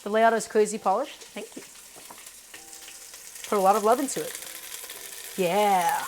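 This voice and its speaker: A woman's voice: medium pitch, a little slow, a little mellow, a little hiss or hum. A woman hosting a casual cooking live stream, talking through each step and greeting her viewers by name. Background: faint music and sizzling pan.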